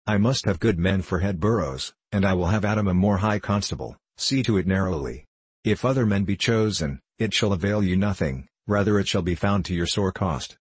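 A man reads as a scheming medieval knight, cool and mocking, lordly in his archaic speech. The voice sits very low and a little husky. It is recorded close and dry. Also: a little fast, dry recording.

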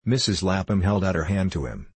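A man reading a classic novel aloud as narrator, steady and measured. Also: low-pitched, husky, no echo, low-quality recording. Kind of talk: audiobook reading.

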